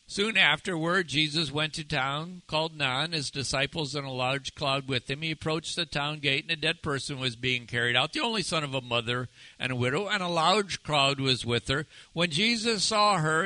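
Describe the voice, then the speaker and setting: A man preaching a sermon, asking his listeners one rhetorical question after another and turning soft and slow to stress key words. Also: on the high side, no room sound, rough recording. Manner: asks the audience many rhetorical questions. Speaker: pastor.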